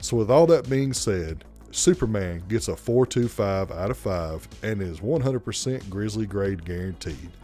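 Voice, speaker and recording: A man's voice: fairly low pitch, lively intonation, a little slow, few pauses, dark tone, faint music behind. A man from South Carolina with a thick Southern accent giving a blunt, profane movie review. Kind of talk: casual movie review rant.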